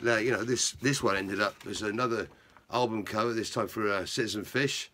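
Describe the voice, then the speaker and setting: Bright-voiced, chatty, joking man. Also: fairly low pitch, fairly even intonation, a little fast, a little hiss or hum. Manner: chatty, jokey and rambling. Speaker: punk musician talking about his painting. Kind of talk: casual chat to camera.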